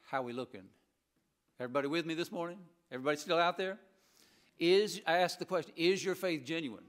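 A man preaching an animated sermon in a church and mixing in humorous stories. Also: fairly high pitch, a little fast. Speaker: pastor. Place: church sanctuary.

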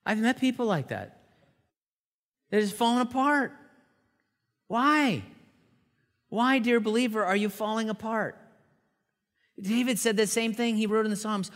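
A male pastor preaching a sermon with animated storytelling, acting out the quotes. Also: high voice, unhurried, pauses often. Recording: long hall reverb.

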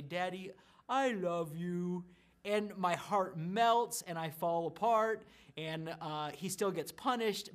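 A pastor in his thirties speaks to church small groups in a recorded video message. He tells stories about his kids with a lively storyteller's manner before turning to scripture. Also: high-pitched. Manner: warm storytelling, animated about his family.

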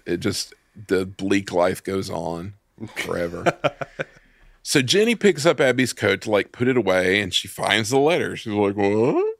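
A man's voice: lowish voice, vocal fry, fairly bright tone, no room sound. A man casually recapping a film plot, with dry joking asides. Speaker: film podcast co-host. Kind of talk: casual movie recap chat.

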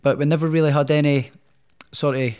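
With a fairly high pitch and flat delivery, a boxer tells his story as a podcast guest, talking a little fast. His tone is darkish, clear and resonant, and he rambles casually with many restarts.

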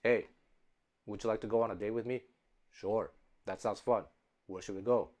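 A man putting on a stiff, robotic-sounding speaker asking someone on a date in flat, mechanical delivery. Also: fairly low pitch, normal speed, pitched below the performer's own voice, close to an everyday voice.

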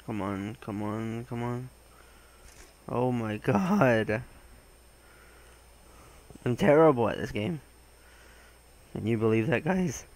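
A young man giving gaming commentary, excitable and swearing, with loud exclamations and a voice that cracks. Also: medium pitch, takes it slowly, long pauses, poor audio. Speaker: gaming channel host.

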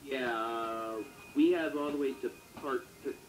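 A man's voice: mid-range voice, a little slow. A man co-hosting a casual video-chat update, rambling and joking as he corrects himself. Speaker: co-host. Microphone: Wii U chat mic. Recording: echoey room with loud music.

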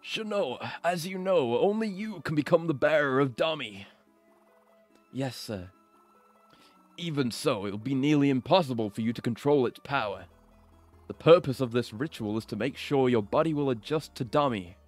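A man's voice: mid-range voice, expressive, normal speed, faint music behind, voice pushed up, close to an everyday voice. A man voicing a stern older male leader of an order as he reads game dialogue aloud on stream, in a formal, commanding way.

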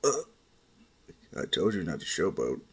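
A man voicing a gruff male warrior mentor who scolds and mocks his student in a lowered voice. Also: big pitch swings, slow pace, heavily acted. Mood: mocking. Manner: low, scolding, mocking.

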